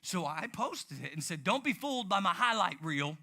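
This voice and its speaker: A man preaching a sermon, animated, moving from hushed low passages to loud near-shouted ones. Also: moderate pace. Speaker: pastor.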